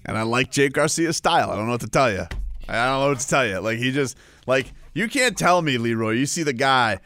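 Animated, ranting sports talk man. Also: mid-range voice, brisk, faint music behind. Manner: animated, mock-outraged, ranting. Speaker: sports radio co-host. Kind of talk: casual sports banter.

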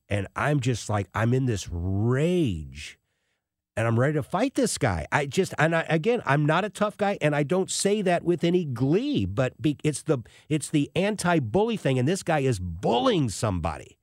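A man hosting a talk radio show, telling a personal story in an animated way and acting out the people he quotes. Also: medium pitch, moderate pace, dry recording, clean studio sound.

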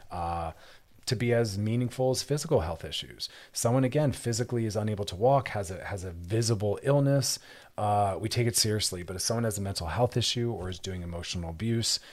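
A man with a lowish voice talks quickly on a radio advice show. He explains relationship issues in an earnest, emphatic way and repeats words to drive his point home. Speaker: radio show host and therapist. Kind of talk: advice talk show monologue.

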